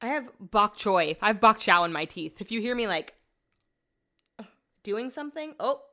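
A woman's voice: medium pitch, lively intonation, moderate pace, pushed and bright. A young woman hosting a podcast alone, rambling through a casual story with lots of "like" and the odd swear word. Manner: chatty and rambling, heavy use of "like", casual swearing. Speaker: podcast host. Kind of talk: casual solo podcast monologue.

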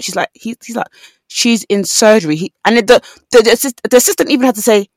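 A woman's voice: mid-range voice, fast, no echo. A young woman, chatting casually as a podcast co-host and telling stories with acted-out quotes. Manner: animated storytelling with voiced quotes. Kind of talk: casual chat.

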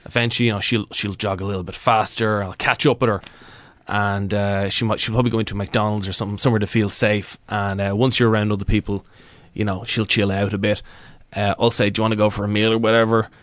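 A sleazy pick-up artist brags and bristles at every challenge, played by a man. His voice sits fairly low, recorded close and dry in a studio with no room around it. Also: little pitch movement, quick pace, no room sound, natural voice. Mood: smug. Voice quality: smug, boastful, defensive. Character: sleazy self-styled male pick-up artist. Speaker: studio guest. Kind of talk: improvised comedy sketch.

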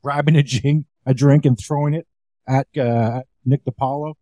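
A man's voice: mid-range voice, steady tone, normal speed, dark tone, dry recording, muffled recording. A comedian telling casual, rambling club stories, acting out the quoted lines as he goes. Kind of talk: casual storytelling chat.

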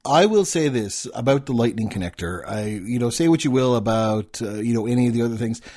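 A man's voice: mid-range voice, lively intonation, fairly quick, a little mellow. A man co-hosting a casual tech talk show, chiming in with an easygoing manner. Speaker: co-host.

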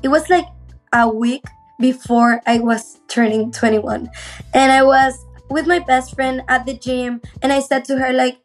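High-voiced young woman telling stories. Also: unhurried, faint music behind. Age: 20s. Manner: animated storytelling, laughs often. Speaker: guest. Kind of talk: casual podcast chat.

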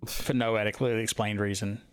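A man's voice: on the low side, level tone, fast, clean tone, no echo. A man co-hosting a podcast, making wry jokes about movies. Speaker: podcast co-host. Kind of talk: casual movie debate.

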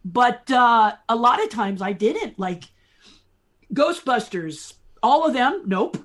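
A middle-aged woman, a podcast guest, telling lively anecdotes and laughing often as she talks. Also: on the high side, takes it slowly. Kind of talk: storytelling chat.

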